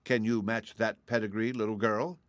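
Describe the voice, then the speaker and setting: A rasping, haughty young dragonette who drawls with formal politeness while admitting it would gladly eat you, as a man reads it in a storybook. The voice sits somewhat higher than his own low tone. It is recorded dry and close. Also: level tone, moderate pace, no echo, close to an everyday voice. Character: young dragonette, sixty-six, proud and polite, hungry. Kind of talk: audiobook reading.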